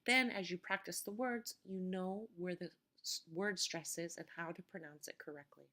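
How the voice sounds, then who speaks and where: A woman teacher giving a recorded vocabulary lecture and reading word lists slowly, stressing each syllable with care. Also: fairly low pitch, sharp tone. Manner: slow, careful pronunciation drills.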